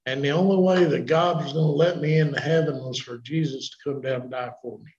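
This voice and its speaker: A man in his sixties preaching a sermon in a church, swinging from shouting to hushed, emotional delivery. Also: fairly high pitch, fairly even intonation, a little fast, echoey room, dull audio. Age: 60s.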